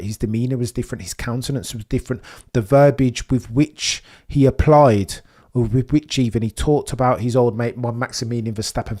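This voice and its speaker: A man in a casual live stream, reacting to a race as it happens. His voice sits at an ordinary pitch, and he talks in a wordy, theatrical way, shifting from low grumbling to excited shouts. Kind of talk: live watch-along commentary.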